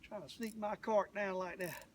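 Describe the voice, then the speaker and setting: A man's voice: sits high, fairly even intonation, moderate pace, distant mic, slight background noise. An older man, hosting a live fishing vlog from a boat on a lake, rambling and folksy as he talks straight to his viewers. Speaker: fishing show host.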